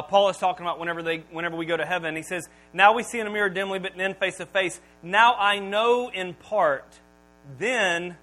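A man preaches with a high, bright voice, punching certain lines loudly and then dropping to quiet asides. A faint electrical hum sits under the recording. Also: low-quality recording. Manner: animated, swings from loud emphatic lines to quiet asides. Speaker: pastor. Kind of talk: sermon.

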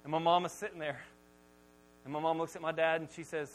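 A male pastor preaching a sermon, telling Bible stories and family anecdotes in an animated, joking way. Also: a little high, a little fast, long pauses, slight background noise, rough recording. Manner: animated storytelling, jokey.

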